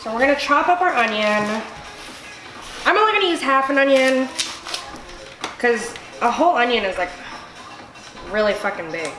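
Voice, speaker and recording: A woman's voice: a little high, expressive, moderate pace, long pauses, fairly bright tone. A tipsy woman hosting a casual cooking vlog, rambling and swearing freely as she chops. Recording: echoey room with music behind.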